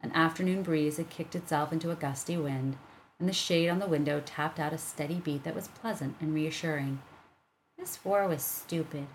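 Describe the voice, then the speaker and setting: A woman calmly reading a children's chapter book aloud as narrator. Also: low voice, a little fast, slight background noise. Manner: calm, even storytelling.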